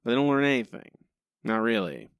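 A man's voice: medium pitch, sing-song, normal speed, gravelly, clear, resonant tone, dry recording, studio quality. A man co-hosting a podcast, rambling and exasperated, asking why again and again. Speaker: podcast co-host. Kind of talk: casual critical chat.

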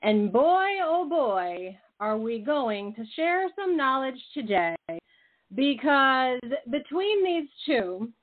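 A woman's voice: sits high, big pitch swings, slow pace. A woman hosting a radio talk show, chatting casually in a playful, teasing way. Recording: phone-like narrow band.

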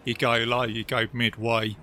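A man chatting casually as a podcast co-host about a film, lively and talkative, often acting out lines. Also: medium pitch, normal speed, faint music behind. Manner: chatty, animated, quotes film lines in put-on voices.

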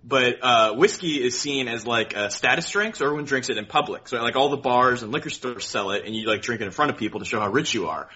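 Animated, bright-voiced man telling stories. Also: fast, hardly any pauses. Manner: animated storyteller, laughs often, jumps high for quoted voices. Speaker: podcast co-host. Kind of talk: casual chat, storytelling. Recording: dull lo-fi audio.

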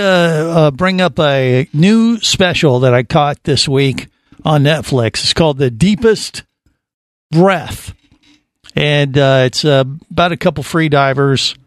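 A man's voice: a little high, no room sound. A man hosting a radio show, chatting in a casual, rambling and joking way in a studio. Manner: jokey, rambling banter.

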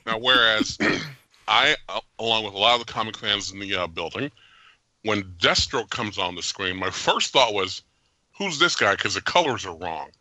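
A man hosting a podcast, giving an animated, jokey and opinionated movie review with frequent laughs. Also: on the low side, normal speed, dry recording. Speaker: podcast host. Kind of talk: casual movie review chat.

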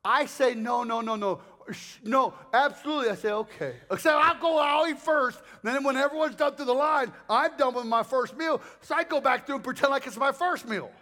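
Older male evangelist, high-pitched, lively, jokey sermon delivery. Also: fairly quick, hardly any pauses. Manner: animated, joking, acts out crowd voices. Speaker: guest preacher.

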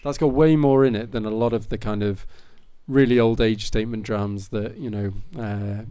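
A man's voice: on the low side, steady tone, normal speed, dark tone, clean tone. Chatty male podcast host. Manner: rambling, enthusiastic, many fillers and restarts. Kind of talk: casual chat.

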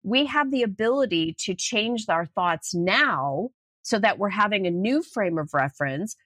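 A middle-aged woman talks as a guest on a podcast, lively and expressive. She tells stories, acts out the voices in them, and stresses her points. Her voice sits at a middle pitch and sounds close and dry. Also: unhurried, dry recording. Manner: animated storyteller, acts out voices in anecdotes. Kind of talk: casual interview chat.

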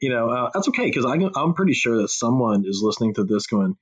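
A man's voice: medium pitch, very animated, quick pace, slightly rough. A man with a Texan accent, chatting casually as a podcast host, rambling, swearing freely and poking fun at himself. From Texas. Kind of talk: casual chat. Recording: dull lo-fi audio.

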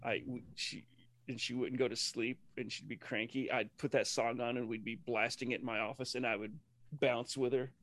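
A man's voice: mid-range voice, flat delivery, normal speed, fairly bright tone. A man co-hosting a podcast, telling rambling personal stories in casual chat, often breaking off mid-sentence. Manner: rambling, self-interrupting storyteller. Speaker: podcast co-host. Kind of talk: casual chat about a TV episode.

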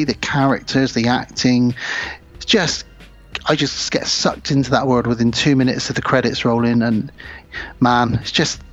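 A man's voice: mid-range voice, muffled recording. A man co-hosting a horror podcast, chatting casually and rambling with lots of fillers and restarts. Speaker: podcast co-host.

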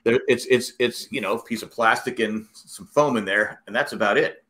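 A middle-aged man in casual chat, telling rambling, animated stories with many restarts. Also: medium pitch, normal speed.

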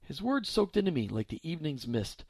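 Expressive man reading a story. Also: fairly high pitch, brisk, breathy edge, no echo. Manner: reflective, expressive.

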